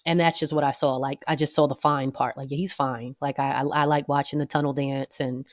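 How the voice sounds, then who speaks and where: A woman with a notably low voice, co-hosting a podcast in relaxed conversation. She tells stories with animated energy and mimics people for effect. The sound is dry and close. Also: a little fast, no room sound. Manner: animated storyteller, laughs and mimics loudly. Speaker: podcast co-host. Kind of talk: casual chat.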